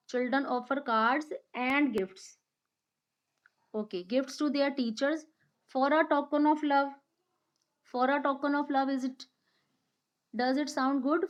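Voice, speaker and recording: A woman teacher with an Indian English accent, leading an online grammar class. She reads sentences aloud slowly, stresses words, and praises students by name. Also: sits high. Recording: dull lo-fi screen recording.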